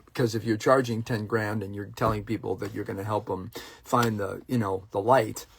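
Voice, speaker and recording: A man's voice: fairly low pitch, fairly even intonation, moderate pace, gravelly, a little hiss or hum. A middle-aged man who works as an actor, talking casually and bluntly to his viewers, heated and profane, breaking off to greet people in the chat. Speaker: working actor and online host. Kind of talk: casual livestream rant.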